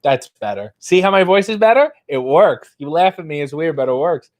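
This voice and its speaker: A man's voice: fairly high pitch, expressive, a little fast, darkish tone. Dry, wry man reading chat comments. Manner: dry, wry, reads comments aloud then riffs. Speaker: host reading viewer comments. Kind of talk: casual livestream chat. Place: dark room with a black backdrop.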